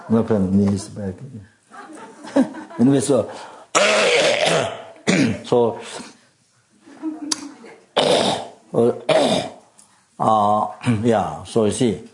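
A man teaches Buddhist Dharma in a low, gravelly voice. He halts often, repeats words and fills pauses with ums and uhs. Throat-clearing and coughs break up his talk. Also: background noise. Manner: halting, many fillers and repeated words.

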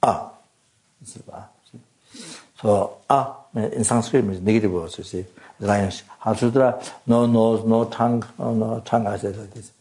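A man giving a Buddhist Dharma teaching, speaking haltingly with many fillers, repeated words, throat-clearing and coughs. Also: lowish voice, fairly even intonation, darkish tone, poor audio.

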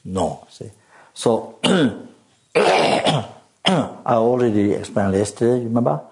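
A man giving a Buddhist Dharma teaching, speaking haltingly with many fillers, repeated words, throat-clearing and coughs. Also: lowish voice, a little mellow, low-quality recording.

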